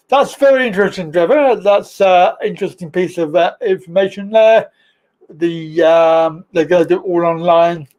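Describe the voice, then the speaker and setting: A man's voice: high-pitched, steady tone, normal speed, a little mellow, lo-fi sound. A man hosting a live call-in stream, chatting casually with callers, with plenty of fillers and laughs. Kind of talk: casual chat.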